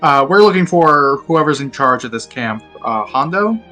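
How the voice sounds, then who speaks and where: A man's voice: fairly high pitch, expressive, normal speed, pushed and bright, faint music behind. A man playing in a tabletop game, hesitant and stammering. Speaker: player. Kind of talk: tabletop game play, casual.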